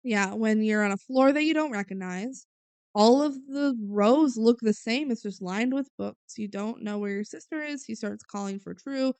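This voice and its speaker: A woman's voice: a little high, moderate pace, clean tone, dry recording. A woman co-hosting a podcast, casually recapping a movie scene by scene, with fillers and a habit of trailing off. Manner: retells scenes with filler words, often trails off quietly. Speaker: podcast co-host.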